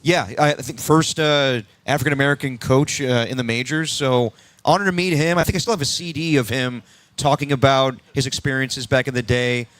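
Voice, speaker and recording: A man's voice: mid-range voice, fairly even intonation, brisk, a bit bright, no echo. A man co-hosting a sports radio show, easygoing and laughing along. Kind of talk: casual radio chat.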